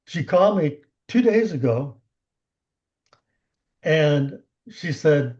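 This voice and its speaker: A man giving a motivational coaching talk on a team call, animated, acting out the conversations he retells. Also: on the high side, unhurried, highs cut off. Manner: animated storyteller who acts out quoted conversations.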